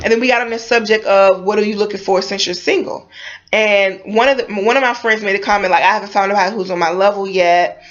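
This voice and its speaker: A woman's voice: mid-range voice, steady tone, fast. A young woman vlogger giving a heated, preachy opinion monologue, blunt, with cursing and many rhetorical questions. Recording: slightly dull lo-fi sound.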